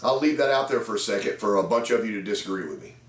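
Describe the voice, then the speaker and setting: A man's voice: on the low side, animated, fast talker, far from the mic. A man in his fifties, a sales trainer, telling folksy anecdotes about selling cars, talking to camera. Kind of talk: storytelling talk to camera. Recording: echoey room.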